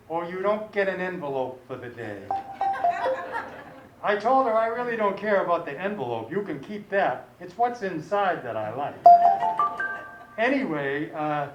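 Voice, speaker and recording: A man entertaining at a live sing-along show, trading folksy jokes with the crowd. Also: sits high. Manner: folksy, joking patter with the crowd. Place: senior community function room. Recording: live, echoey room with loud music. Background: piano playing.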